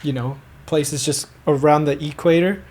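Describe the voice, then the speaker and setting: A man's voice: on the high side, moderate pace, a little mellow. A man hosting a podcast in casual chat, easygoing, asking questions and offering his own views. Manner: easygoing, asks questions and shares opinions. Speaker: podcast host.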